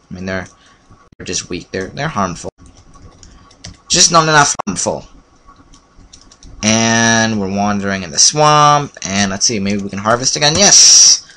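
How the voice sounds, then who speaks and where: A man giving casual, playful commentary while playing a video game, with sudden excited yelps and frequent fillers. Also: lowish voice, a little hiss or hum. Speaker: let's play commentator. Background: keyboard typing and clicks.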